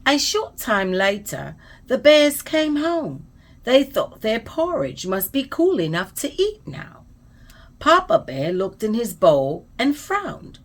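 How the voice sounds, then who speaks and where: Slow, expressive woman storyteller. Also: fairly high pitch. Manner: expressive, soothing, trailing into soft whispers at the close. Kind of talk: bedtime story read-aloud.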